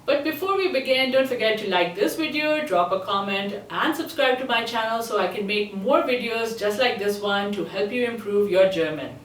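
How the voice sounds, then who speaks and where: A woman teaching a language lesson as a tutor, pronouncing each word slowly and having listeners repeat after her. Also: medium pitch, expressive, echoey room, recorded from a distance, slight background noise, low-quality recording. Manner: slow, deliberate pronunciation drills. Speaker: German tutor.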